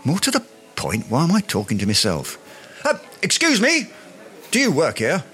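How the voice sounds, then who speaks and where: A man's voice: fairly high pitch, huge pitch swings, moderate pace, fairly bright tone, faint music behind. An actor playing a pompous, self-important Englishman in a radio sitcom, speaking in flowery words. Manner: grandiloquent, long-winded, flowery words.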